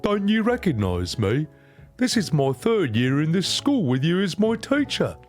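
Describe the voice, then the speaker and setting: A man's voice: on the high side, wildly swooping pitch, a little slow, faint music behind. A man voicing a meek, overlooked young male student who speaks politely and plaintively.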